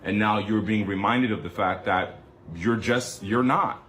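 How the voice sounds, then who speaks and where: Low-voiced emphatic man over faint music. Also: unhurried. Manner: forceful, emphatic. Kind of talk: played commentary clip.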